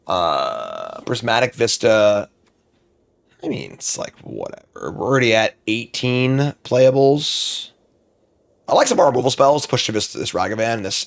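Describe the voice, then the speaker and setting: A man's voice: on the low side, gravelly. A man streaming a card game draft, talking casually to himself as he weighs each pick, muttering and now and then flaring up in frustration. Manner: muttering, thinking aloud, quick outbursts of frustration.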